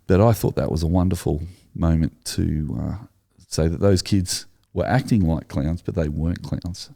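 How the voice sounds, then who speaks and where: A man's voice: low voice, fairly even intonation, moderate pace, gravelly, warm tone. A middle-aged Australian man, a tired pastor telling a story on a podcast in an earnest, emotional way.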